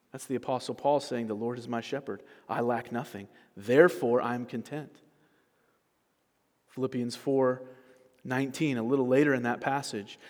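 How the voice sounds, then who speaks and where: A man preaching a sermon as pastor, talking conversationally with rhetorical questions and quick restarts. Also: mid-range voice. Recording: sermon recorded in a large reverberant hall.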